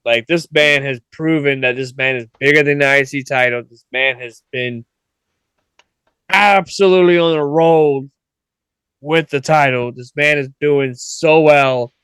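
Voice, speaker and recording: A man's voice: on the high side, fairly bright tone, clear, resonant tone, no echo. A man hosting a podcast in casual chat, sleepy and yawning, rambling in a laid-back way. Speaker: podcast host.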